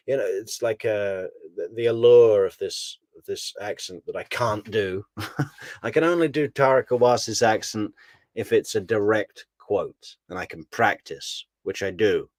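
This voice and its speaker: A man's voice: lowish voice, unhurried, no echo. A man hosting a casual true crime live stream, chatty and laughing as he thanks viewers by name. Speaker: true crime commentary host.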